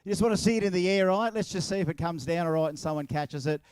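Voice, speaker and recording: Australian man, event MC, higher voice, playful crowd banter, dry close sound. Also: quick pace, a little mellow, clear, resonant tone, no echo. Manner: jokey, playful, teasing. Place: outdoor drag racing track.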